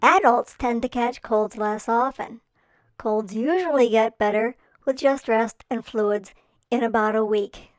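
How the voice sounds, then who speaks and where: Woman narrator for a kids' book quiz, higher voice, very slow, patient, playful. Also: no echo. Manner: slow, clear, patient explaining with playful questions. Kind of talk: reading a picture-book quiz to kids.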